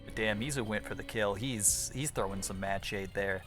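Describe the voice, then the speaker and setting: A man's voice: on the low side, normal speed, music in the background. A man streaming a speedrun, chatting casually in a wry, rambling way and swearing now and then. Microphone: desk microphone.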